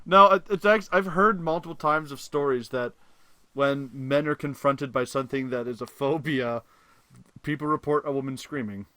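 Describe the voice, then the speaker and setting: A man co-hosting a casual podcast, reacting with quick quips. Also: mid-range voice, pushed and bright, dry recording. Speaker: podcast co-host. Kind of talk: casual chat.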